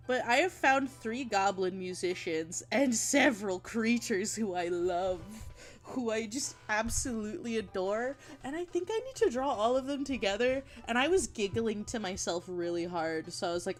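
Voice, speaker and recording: A woman chatting casually on a livestream while she draws, gushing and giggling, with bursts of excitement and casual swearing. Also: medium pitch, normal speed, soft background music. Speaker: art streamer.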